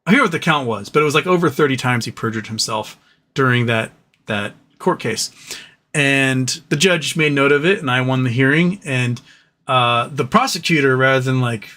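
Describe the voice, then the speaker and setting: A man's voice: medium pitch, moderate pace, sharp tone. A man hosting a live stream, telling stories in a rambling, profane, casual way. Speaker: livestream host.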